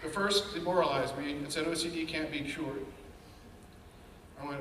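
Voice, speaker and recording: A man's voice: a little high, fairly even intonation, normal speed, sharp tone, a little hiss or hum. Man telling his story in an echoey hall. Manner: candid, earnest storytelling with quoted inner voices. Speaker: speaker sharing his story. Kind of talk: personal testimony talk. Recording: echoey hall, mic at a distance.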